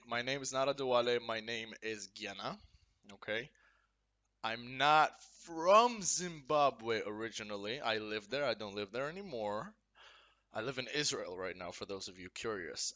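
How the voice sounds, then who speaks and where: A man's voice: mid-range voice, pushed and bright. A young man from Ukraine, talking candidly and profanely to camera in a casual confessional vlog at home. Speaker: gamer.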